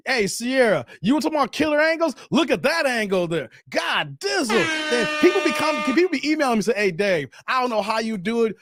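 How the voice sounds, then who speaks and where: Lively, laughing man reading comments. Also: high voice, no echo, clean studio sound. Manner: animated, laughing, slang-heavy banter. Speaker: host reading viewer comments. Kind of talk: casual commentary on a video.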